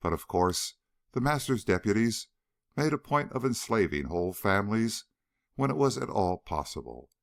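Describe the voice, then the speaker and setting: A man narrating an audiobook with expressive storytelling. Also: lowish voice, moderate pace, vocal fry, no echo, clean studio sound. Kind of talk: scripted narration.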